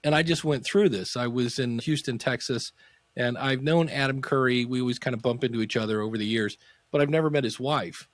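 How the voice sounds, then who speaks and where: A middle-aged man chats as an interview guest, with a middle-range voice. He tells stories with gusto and jumps high in pitch to act out quotes. The sound is dry and close, with no room around it. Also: fairly quick, no echo. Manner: animated anecdotes, acts out quotes with pitch jumps. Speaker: podcast guest, podcasting teacher. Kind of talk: casual storytelling interview.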